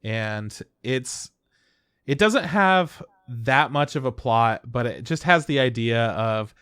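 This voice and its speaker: A man's voice: mid-range voice, a bit bright, clean tone, dry recording, clean studio sound. Casual young man recapping with swearing. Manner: loose, swearing, acts out characters in quick voices. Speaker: podcast host. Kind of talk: casual chat recapping an anime.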